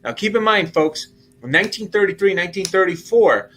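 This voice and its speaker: A middle-aged man hosting casual market commentary, animated and exclaiming as he walks through figures. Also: high-pitched, a little fast, soft background music. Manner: animated, exclaiming and laughing at the numbers. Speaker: show host.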